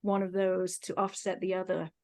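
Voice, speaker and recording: A woman with a British accent, a podcast guest, talking in a relaxed, conversational way that often trails off. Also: lowish voice, moderate pace. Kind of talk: casual interview chat.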